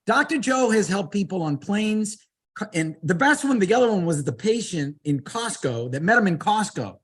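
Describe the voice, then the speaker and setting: Excitable guy hosting a webinar, high voice that bounces all over, a bit husky. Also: moderate pace. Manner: excited, animated, stumbles over his words. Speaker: webinar host. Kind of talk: enthusiastic webinar chat.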